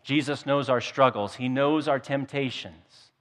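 Storytelling pastor preaching in a reverberant hall. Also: male voice, medium pitch, unhurried, a bit bright. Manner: storytelling and humorous, often repeats words. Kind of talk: sermon.

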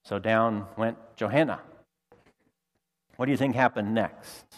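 A middle-aged man preaching a sermon, telling a family story with lively quoted voices. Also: lowish voice, unhurried. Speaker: pastor.

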